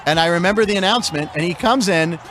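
High-voiced jokey male sports host. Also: fast, a bit bright, faint music behind. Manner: chatty, jokey, laughs often. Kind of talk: casual sports show banter.

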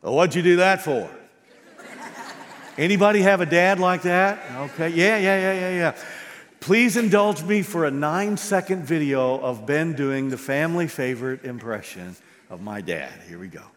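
A man's voice: a little high, animated, normal speed, fairly bright tone, big-room sound. A man preaching a sermon as pastor, acting out quoted voices with animation.

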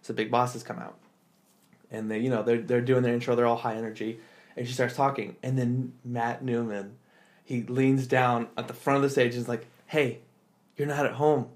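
A man's voice: mid-range voice, flat delivery, normal speed. A man hosting a podcast, telling a story in casual chat, acting out quotes in exaggerated voices with lots of fillers. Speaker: podcast host.

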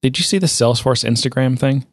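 A man co-hosts a casual tech podcast, speaking at a quick pace in a medium-pitched voice with studio-quality sound and no echo. He's rambling and sardonic, with many fillers and restarts.

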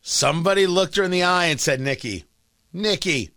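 A man hosting a talk radio show, his high voice bright and cutting as he swings up and down with emphasis. He leans into sarcasm and dramatic pauses while he riffs on the news, close to a dry studio mic. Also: clear, resonant tone, dry recording. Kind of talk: opinionated political commentary.

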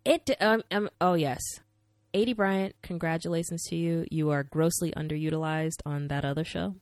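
A woman's voice: low-pitched, fairly even intonation, normal speed, no room sound, clean studio sound. A woman co-hosting a podcast whose first language is not English, talking in playful casual chat, sometimes searching for words and reaching for dramatic turns of phrase. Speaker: podcast co-host.

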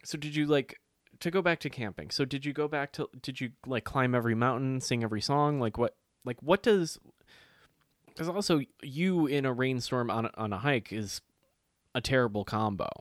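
He speaks at medium pitch and a moderate pace, co-hosting a laid-back conversation where he animatedly tells stories, swears liberally, and performs others' lines. The recording is dry and clean, studio-quality.

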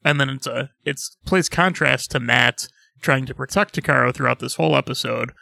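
A man's voice: mid-range voice, moderate pace, creaky, sharp tone, no room sound, clean studio sound. A man co-hosting a podcast, chatting casually, rambling and correcting himself with mock indignation. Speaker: podcast co-host.

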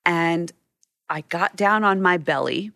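A woman's voice: fairly low pitch, slow, gravelly, a bit bright, no room sound. A middle-aged woman, a photojournalist guest, telling vivid stories from her career in an interview. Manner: vivid anecdotal storytelling. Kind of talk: storytelling interview.

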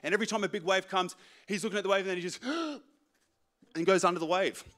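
A young man preaching a sermon, telling a story in an animated, self-mocking way. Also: high-pitched, a little fast. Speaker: pastor.

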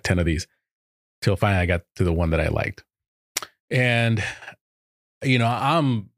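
A man telling a rambling, animated story in casual chat, laughing often. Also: lowish voice, no room sound, studio quality.

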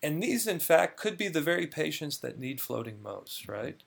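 Gravelly-voiced man explaining earnestly. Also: a little high, very animated, moderate pace. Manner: earnest, explanatory, repeats words when starting. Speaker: clinical research guest. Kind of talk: conversational interview.

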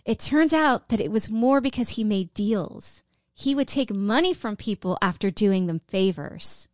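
A woman's voice: mid-range voice, lively intonation, a little slow, dry recording, studio quality. A woman co-hosting a podcast, telling a story and reading excerpts aloud, building it up with teasing. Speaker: podcast co-host. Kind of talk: casual chat, reading excerpts.

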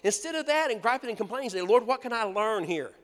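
A man in his sixties preaching a sermon as pastor, folksy and animated, laughing often and acting out the voices he quotes. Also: sits high, fast. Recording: long hall reverb.

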